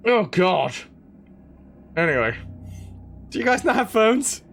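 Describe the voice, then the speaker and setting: A young man streaming a game, telling stories and chatting with his viewers in a lively, casual way. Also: sits high, takes it slowly, gravelly, long pauses, a little hiss or hum. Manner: animated, chatty storytelling to viewers. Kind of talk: casual chat while playing a game.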